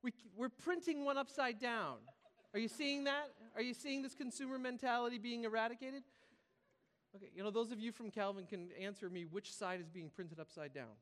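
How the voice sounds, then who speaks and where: High-voiced pastor in a reverberant hall. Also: male voice, fairly quick, fairly bright tone. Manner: comic, acts out voices, laughing asides. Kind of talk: humorous sermon. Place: large church hall.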